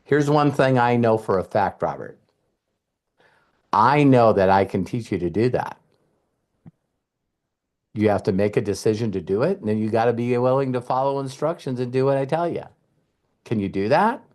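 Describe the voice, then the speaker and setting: A man giving a casual motivational talk as a mentor, acting out quotes in lively storytelling with some swearing. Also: mid-range voice, normal speed, pauses often. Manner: animated storyteller, acts out voices. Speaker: mentor and coach.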